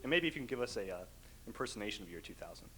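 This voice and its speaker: A man's voice: lowish voice, big pitch swings, rapid-fire, very noisy. A man in the audience politely asking the speaker a question, sounding amused.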